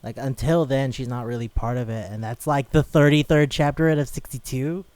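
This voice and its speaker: A man's voice: mid-range voice, steady tone, brisk, darkish tone, clear, resonant tone, no room sound. A man co-hosting a podcast in casual chat, swearing freely and acting out quotes as he talks. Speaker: podcast co-host.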